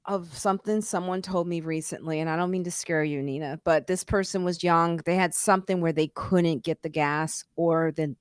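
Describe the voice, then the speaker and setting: A woman hosting a casual live-stream chat, telling animated stories and acting out the people she quotes. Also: lowish voice, normal speed, hardly any pauses, smooth, dry recording, studio quality. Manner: animated storyteller, acts out quoted voices. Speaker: podcast host.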